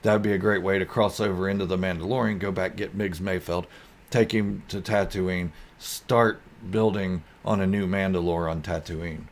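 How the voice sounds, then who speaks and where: A man with a low voice hosts a relaxed live stream. He reads viewer comments aloud and rambles through them in a goofy, easygoing way. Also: normal speed.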